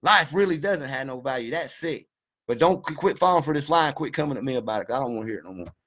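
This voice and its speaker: A man's voice: mid-range voice, lively intonation, fast, fairly bright tone. Fired-up man ranting. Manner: fired-up, preachy, swears a lot, folksy. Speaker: video commentator. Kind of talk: impassioned monologue.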